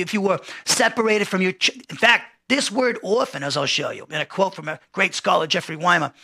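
A man's voice: high-pitched, creaky, sharp tone, breathy edge. A middle-aged man teaching an expository Bible lesson in a conversational way, often restarting phrases and reading quotes aloud.

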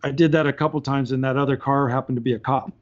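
Animated man telling stories, slightly dull audio. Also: mid-range voice, fast talker. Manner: animated, laughs through his anecdotes. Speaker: guest. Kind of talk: casual storytelling.

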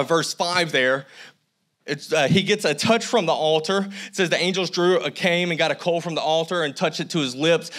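A man's voice: a little high, a bit bright. A man preaching a sermon as a church pastor, conversational with humorous asides. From United States. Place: church sanctuary.

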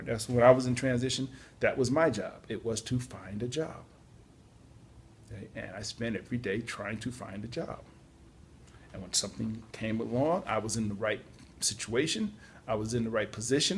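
A tired man hosts a podcast on job searching, offering casual, chatty advice with occasional yawns and apologetic asides. His mid-range voice is creaky and darkish, with a breathy edge.

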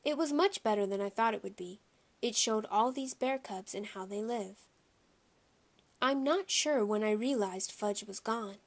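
A woman reading a children's chapter book aloud at a middling pitch. She tells the story in a clear, lively way. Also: measured pace. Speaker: audiobook reader.

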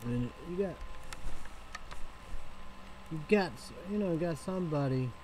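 A man's voice: on the high side, expressive, a little slow, mellow, a little hiss or hum, low-quality recording. A man talking in a loose, rambling vlog, circling back on himself and swearing freely. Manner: rambling, repetitive, with frequent swearing. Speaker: vlogger.

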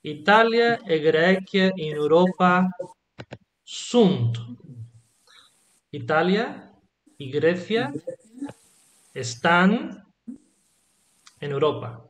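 A man's voice: sits high, animated, very slow, long pauses. Patient male Latin teacher. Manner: patient, asks questions and checks understanding. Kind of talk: online group lesson.

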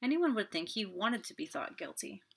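Woman doing a gruff blunt male secretary. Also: mid-range voice, very animated, moderate pace, a bit bright, heavily acted. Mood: grave. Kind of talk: audiobook character voice.

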